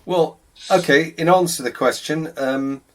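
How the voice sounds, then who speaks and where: A man's voice: on the high side, moderate pace, a little hiss or hum. A man hosting a comedy podcast, interviewing his guest in a dry, teasing way. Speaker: podcast host.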